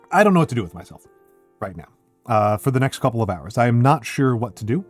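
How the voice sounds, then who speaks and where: Young guy streaming, throat a bit scratchy from being sick, rambles to chat, some quiet music behind. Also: medium pitch, sing-song, a little fast. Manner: rambling, thinking out loud with fillers. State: scratchy voice from being under the weather. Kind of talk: casual chat with stream viewers.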